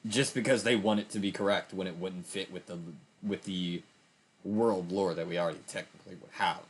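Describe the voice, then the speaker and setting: A man's voice: low voice, steady tone, fairly quick, slightly rough. A young man streaming a game, giving a rambling, emphatic commentary with frequent restarts. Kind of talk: casual gameplay commentary.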